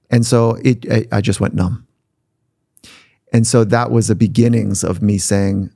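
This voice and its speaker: A man's voice: mid-range voice, fairly even intonation, normal speed, creaky, dark tone, no echo, studio quality. A man guest on a podcast, telling personal stories in a reflective, conversational way and sometimes acting out the voices of people he quotes. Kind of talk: conversational storytelling. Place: podcast studio.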